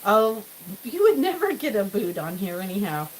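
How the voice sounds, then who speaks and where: A chatty woman hosts a casual cooking livestream from her home kitchen. She rambles and jokes with her viewers and even talks to her food, in a mid-pitched voice. Soft clinks of dishes and pans sit faintly behind her. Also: moderate pace, slight background noise, rough recording. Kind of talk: casual live-stream cooking chat.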